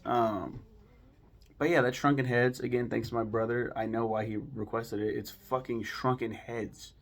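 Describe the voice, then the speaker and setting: A man's voice: mid-range voice, fairly even intonation, moderate pace. A man casually reviewing a film, rambling with lots of fillers and frequent swearing.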